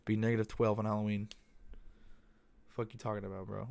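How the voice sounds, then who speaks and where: A man's voice: lowish voice, little pitch movement, a little fast, gravelly, darkish tone. A young man hosting a podcast, talking casually in a loose, profane, meandering monologue. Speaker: podcast host. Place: Arizona.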